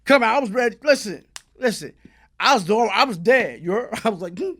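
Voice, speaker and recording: A middle-aged man, a guest telling stories in a casual interview, in animated street slang that bursts into loud shouting. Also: sits high, fairly quick. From New York.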